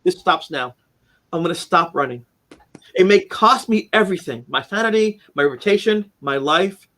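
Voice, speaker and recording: A man's voice: high voice, moderate pace. A man telling a personal story as an interview guest, acting out quoted lines with sudden jumps in voice and frequent restarts. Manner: animated storyteller, acts out quotes, many restarts.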